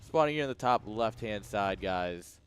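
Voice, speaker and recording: Chatty low-voiced male game caster. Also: animated, normal speed, clear, resonant tone. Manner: chatty, laughs often, talks straight to chat. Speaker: esports caster and streamer. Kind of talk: live game commentary mixed with chat to viewers. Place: home streaming room with a webcam.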